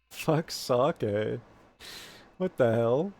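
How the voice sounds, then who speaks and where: A man streaming a game, reading its text aloud quickly and joking, swearing and laughing along. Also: mid-range voice, darkish tone. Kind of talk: casual gameplay commentary.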